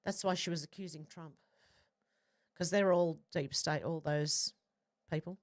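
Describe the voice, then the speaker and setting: A woman hosting a livestream, reading out viewer comments in casual chat with quick, chatty asides. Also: low voice, fairly even intonation. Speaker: livestream host.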